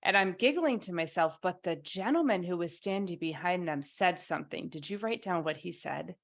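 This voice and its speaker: A woman co-hosting a podcast, telling a story with lively acted-out quotes in casual chat. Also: fairly low pitch, normal speed, vocal fry. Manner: animated storytelling, acts out quotes. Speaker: podcast co-host.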